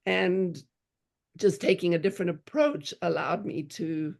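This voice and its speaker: A woman's voice: fairly low pitch, measured pace, gravelly, darkish tone. A middle-aged woman telling a personal parenting story in a casual, earnest way, with frequent restarts. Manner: earnest, many restarts and "you know"s, acts out quoted voices.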